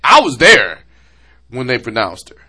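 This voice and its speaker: A man in his thirties with a bright, ringing voice swings his pitch up and down as he tells an emotional story. He swears freely and talks in a loose, casual way, as a show host. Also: wildly swooping pitch, unhurried, husky. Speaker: podcast host. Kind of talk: casual chat.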